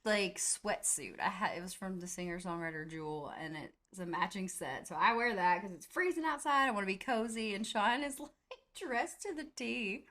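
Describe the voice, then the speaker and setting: A woman's voice: medium pitch, lively intonation, moderate pace, few pauses, a bit bright. A woman co-hosting a podcast in casual chat, chatty and laughing often. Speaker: podcast co-host.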